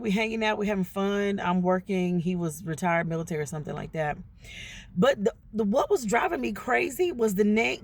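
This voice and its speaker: A woman telling a personal story in a casual, chatty way to her viewers, acting out what other people said. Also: medium pitch. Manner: chatty, addresses viewers directly, acts out quoted voices.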